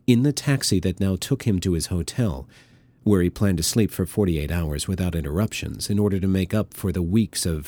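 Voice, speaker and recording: A male narrator reading a novel in a measured, deliberate manner. His voice is very deep and mellow, with a warm, dark tone. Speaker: audiobook narrator. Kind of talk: scripted narration.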